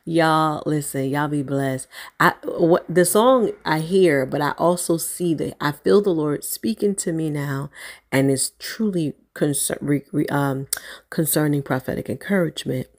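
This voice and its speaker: A woman shares spiritual encouragement in a loose, prayerful ramble, often circling back and restarting her thoughts. Her voice sits low, and she takes her time. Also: measured pace, darkish tone. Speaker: online prophetic encourager. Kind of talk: spontaneous spiritual encouragement vlog.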